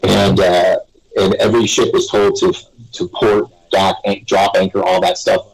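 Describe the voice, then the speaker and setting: A man with a low, gravelly voice tells stories as a guest on a live web radio show. His tone is husky and a little rough, and he rambles from one thought to the next with small chuckles. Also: flat delivery, normal speed, low-quality recording.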